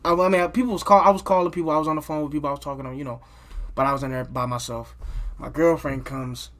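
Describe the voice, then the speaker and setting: A man's voice: a little high, steady tone, fast talker, a bit bright. A man telling a personal story in a casual, loose monologue. He swears freely, restarts his sentences and keeps adding "you know what I'm saying".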